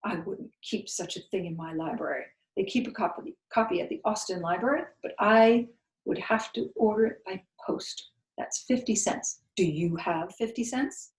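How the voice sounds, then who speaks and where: A woman's voice: mid-range voice, expressive, moderate pace, reverberant, close to an everyday voice. A woman reading aloud and voicing a sour, stern librarian who speaks in a cold, clipped, disapproving way.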